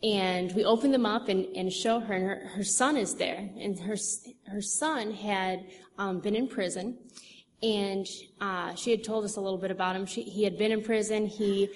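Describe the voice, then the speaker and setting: A woman's voice: mid-range voice, fairly even intonation, normal speed. A young woman telling a church audience about her witnessing, chatty and rambling with many fillers and restarts. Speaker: church speaker. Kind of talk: testimony talk. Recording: long hall reverb, faint noise.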